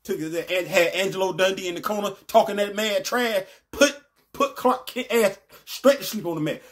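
A man with a fairly high voice rants casually to his vlog audience. He rambles in slang and laughs a lot. When he gets frustrated, his pitch climbs even higher. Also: moderate pace. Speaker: vlog host.

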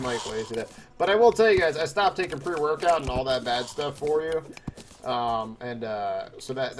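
A young man commentating a video game, excitable and chatty, yelping at danger and answering chat. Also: medium pitch, slight background noise. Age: young adult. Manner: excitable, yelps and exclaims, chatty asides to chat. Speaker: let's play host. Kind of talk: gameplay commentary.

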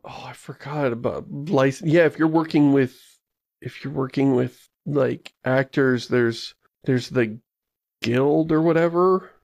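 A man hosts a casual podcast in a mid-pitched, gravelly voice, speaking animatedly and throwing in quick asides. The recording is close and dry.

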